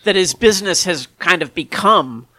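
Bright, high-voiced male co-host. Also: expressive, normal speed, no echo. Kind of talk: casual chat.

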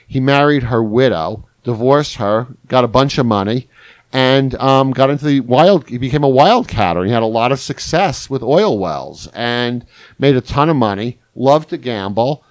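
A man, a journalist guest, telling stories in a casual, rambling chat, with lively and crude retellings. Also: medium pitch, normal speed, no room sound. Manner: rambling, animated anecdote telling with crude quotes.

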